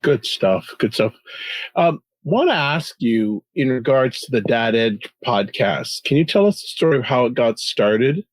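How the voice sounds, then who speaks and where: A man's voice: mid-range voice, lively intonation, no room sound, rough recording. Man host asking questions, dry sound. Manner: measured, slightly halting questioning. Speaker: podcast co-host. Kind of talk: interview questions.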